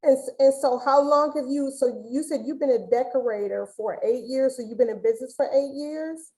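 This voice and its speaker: Chatty high-voiced woman host with a mellow tone. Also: fairly quick, low-quality recording. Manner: chatty, rambling, many restarts. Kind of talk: casual webinar interview.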